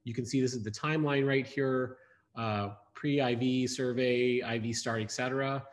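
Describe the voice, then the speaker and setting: A man presents research slides at a conference, in an explanatory manner. His voice sits at a middle pitch, and he often pauses with ums or restarts a phrase. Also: fairly even intonation.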